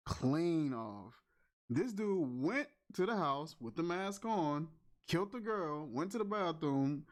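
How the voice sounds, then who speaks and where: A man giving casual movie review commentary, exasperated as he rants about the film's plot holes. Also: on the high side.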